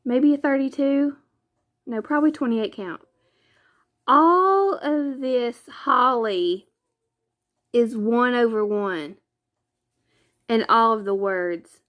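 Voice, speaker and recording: A woman's voice: fairly high pitch, animated, slow, pauses often, fairly bright tone. A woman, chatting casually in a craft vlog, gushing and exclaiming often. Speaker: craft vlogger. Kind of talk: casual chat.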